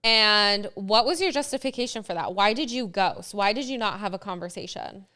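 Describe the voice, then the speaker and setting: Young woman podcast host, chatty storyteller, bright crisp voice, lots of "like". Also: medium pitch, moderate pace. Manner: animated storytelling, acts out quotes, frequent "like". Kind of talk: casual chat.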